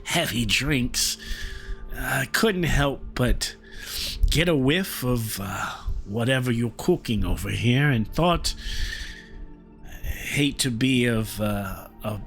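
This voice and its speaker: A man's voice: medium pitch, expressive, a bit bright, soft background music. A man voicing a wheedling, polite male goblin wanderer who rambles and stammers. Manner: hesitant, rambling, halting.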